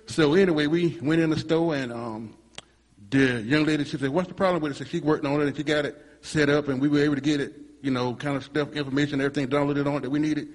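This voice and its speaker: Man, church testimony, rambling storyteller, quick pace, long hall reverb. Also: fairly high pitch, fairly even intonation. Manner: storytelling, repeats himself, restarts often. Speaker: congregant giving a testimony.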